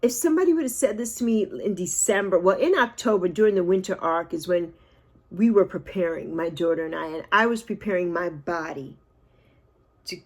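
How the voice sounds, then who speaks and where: A woman in her sixties talking casually and emotionally to her viewers, rambling and laughing at herself. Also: lowish voice. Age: 60s. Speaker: vlogger. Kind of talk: unscripted talk to camera.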